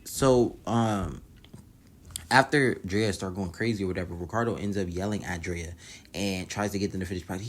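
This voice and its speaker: A man's voice: deep voice, normal speed. A man casually recapping a reality show episode in a laid-back, slangy, profane way.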